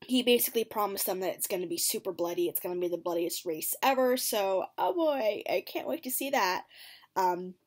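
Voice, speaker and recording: Woman, mid-pitched, casual reaction host, chatty and giggly, voices quotes with extra pep. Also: slightly rough. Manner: chatty, giggly, lots of ums and likes; acts out quotes in lively higher voices. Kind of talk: casual episode recap.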